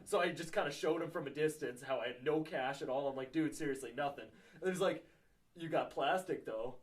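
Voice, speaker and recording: A young man telling an animated story in a casual chat with friends, laughing and swearing freely. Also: on the high side, a little fast. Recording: distant from the mic.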